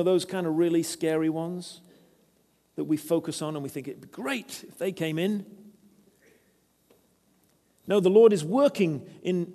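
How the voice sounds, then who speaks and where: Man, preacher, sermon, conversational storytelling, fairly high voice, long hall reverb. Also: a little mellow. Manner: earnest, conversational, anecdotal. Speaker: preacher, former vicar.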